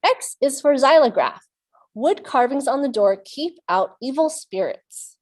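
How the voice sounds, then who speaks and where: A woman leads a children's storytime from a webcam, reading each line slowly and clearly. Her voice sits a bit high and swings widely in pitch, playful and coaxing as she makes animal sounds with the children. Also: lively intonation. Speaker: children's librarian.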